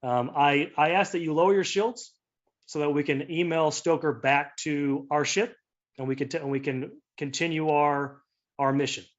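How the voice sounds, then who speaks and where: An angry male alien starship captain, as a game master acts him out, stern and demanding, his voice pitched up and pushed louder. The sound is a little dull and lo-fi. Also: fairly even intonation, moderate pace, lightly acted. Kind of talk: improvised tabletop role-play voicing.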